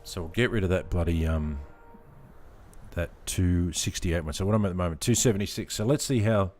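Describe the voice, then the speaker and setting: Aussie guy live streaming a game at home, low voice, laughs a lot, bit of music behind. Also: brisk, a little mellow. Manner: laughs often, chats to viewers while playing. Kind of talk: casual live-stream chat. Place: home room.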